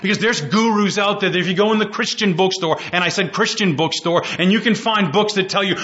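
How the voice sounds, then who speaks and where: A man's voice: high voice, normal speed, hardly any pauses, fairly bright tone, highs cut off. A man preaching a sermon as pastor, building phrases through repetition and rising fervor.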